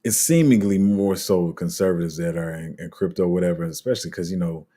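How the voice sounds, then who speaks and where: Man, very deep voice, husky, rambling casual commentary, fillers and restarts. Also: a little fast, warm tone. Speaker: crypto channel host. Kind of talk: casual unscripted commentary to viewers.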